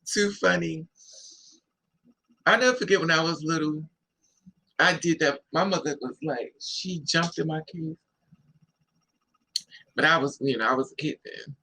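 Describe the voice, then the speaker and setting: A man with a somewhat high voice chats casually on a livestream, teasing and relaxed. He stumbles a little when he reads text aloud. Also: husky, rough recording. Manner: teasing, laid-back, reads aloud haltingly.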